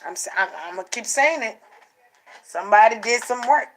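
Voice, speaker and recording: Woman, tarot reader, casual animated delivery, faint clicks in background. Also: a little high, fairly quick, slight background noise, poor audio. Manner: animated, repeats herself, acts out quotes. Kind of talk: casual spiritual card reading.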